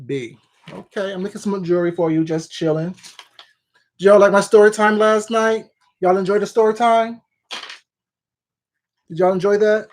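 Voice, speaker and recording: A man's voice: high voice, fairly even intonation, brisk. A man hosting a casual livestream, greeting viewers one by one by name in a familiar, chatty way. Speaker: livestream host.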